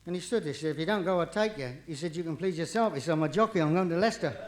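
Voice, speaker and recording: Man, stand-up comedian, cheeky patter, high-pitched, old live vinyl recording. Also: slight background noise. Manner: cheeky, quick jokes with rising punchlines. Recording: vinyl live recording, audience laughter, distant.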